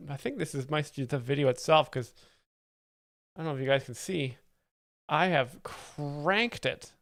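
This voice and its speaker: A man's voice: a little high, moderate pace, a bit bright, no echo. A man hosting a live stream, rambling through comedy clips and explaining the jokes in a dry, mock-serious way, talking into a desk mic at home. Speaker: livestream host.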